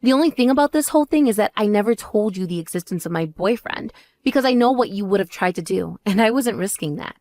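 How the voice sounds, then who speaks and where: A woman voicing a composed older sister who speaks in a calm, measured and cutting way. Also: no echo, faint music behind, close to an everyday voice. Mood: cool. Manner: measured, calm, lower and drier.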